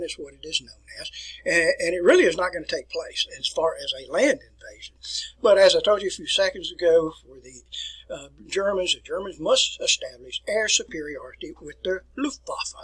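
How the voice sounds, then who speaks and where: A man's voice: a little high, expressive, brisk, sharp tone, breathy edge, rough recording. A middle-aged man teaching a recorded history lecture, folksy and digressive, talking to his students as folks.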